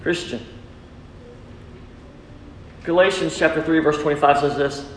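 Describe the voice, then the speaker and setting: A man's voice: fairly high pitch, unhurried, a bit bright, a little hiss or hum. A man preaching a sermon as pastor, emphatic, asking his congregation questions and calling back their answers. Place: church sanctuary. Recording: echoey church hall.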